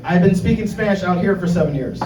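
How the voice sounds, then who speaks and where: A foul-mouthed man from Miami works through a stand-up set, voice pitched high and brash as he teases the crowd. The club echoes and the audience laughs around him. He is heard from some distance off the mic. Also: fast, noisy background. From Miami, United States. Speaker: stand-up comedian. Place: comedy club.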